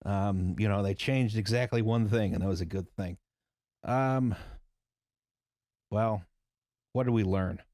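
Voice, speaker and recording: A man's voice: on the low side, unhurried, pauses often, a little mellow, no room sound, clean studio sound. A man hosting a casual podcast, joking sarcastically with his co-hosts. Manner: wry, sarcastic, reads listener letters. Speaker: podcast host.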